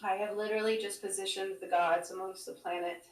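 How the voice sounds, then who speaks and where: Flat-voiced woman reading in an echoey room. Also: mid-range voice, brisk. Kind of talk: reading aloud from a scroll. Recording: echoey room, far from the mic.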